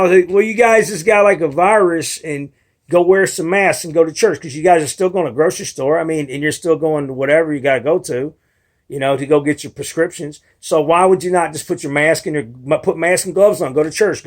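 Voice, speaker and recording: A young man with a slightly high-pitched voice rambles through a casual monologue to his viewers. He restarts his sentences often and sounds argumentative and frustrated as he makes his case. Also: a little fast. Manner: rambling, restarts often, mimics others in quotes. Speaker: video blogger.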